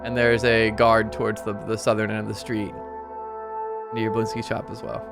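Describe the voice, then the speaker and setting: A man's voice: on the low side, completely flat delivery, moderate pace. A man narrating as game master on a stream, casual and rambling with fillers. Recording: music playing behind.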